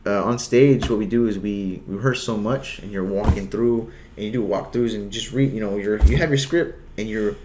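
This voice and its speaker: Low-voiced man telling rambling stories. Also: moderate pace, background noise. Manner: rambling storyteller acting out quoted dialogue. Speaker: host. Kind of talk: casual chat.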